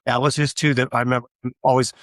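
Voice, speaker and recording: A man's voice: mid-range voice, little pitch movement, quick pace, dry recording, clean studio sound. A man being interviewed, telling rambling stories with lots of fillers. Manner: rambling anecdotal storytelling with frequent fillers. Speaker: guest, tribute artist of a famous singer. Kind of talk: casual interview chat.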